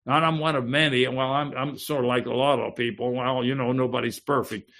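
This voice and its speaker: A man preaching a sermon, teaching slowly and deliberately and often checking in with his listeners. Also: medium pitch, steady tone, fairly bright tone. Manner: slow, deliberate teaching with frequent "okay?" check-ins. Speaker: pastor.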